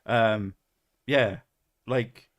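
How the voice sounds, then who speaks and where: A man's voice: lowish voice, fairly even intonation, drawn-out words, fairly bright tone, muffled recording. A man with a London accent hosting a casual chat over whisky, blunt, swearing freely and laughing often. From England. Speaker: podcast host.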